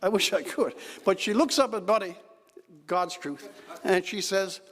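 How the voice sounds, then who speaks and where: Guy telling dry jokes at a dinner, kinda high voice, big echoey hall. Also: unhurried. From Newfoundland, Canada. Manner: wry storytelling with dry jokes. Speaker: keynote speaker. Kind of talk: after-dinner speech. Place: large banquet hall. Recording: hall reverb. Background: audience laughter.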